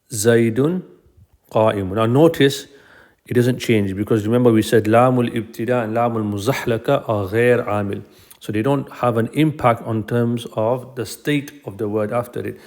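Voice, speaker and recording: Male teacher, mid-pitched, calm step-by-step explainer for a recorded grammar lesson. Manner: patient, explanatory, repeats key phrases.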